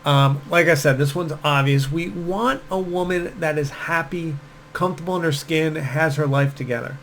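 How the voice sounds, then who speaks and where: A man giving dating advice straight to the camera in a loose, conversational way, full of ums and asides. His voice sits a little high for a man. Faint background noise runs under the recording. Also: moderate pace, gravelly, a bit bright, low-quality recording. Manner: casual, storytelling, many fillers. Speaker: dating coach. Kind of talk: direct-to-camera advice talk.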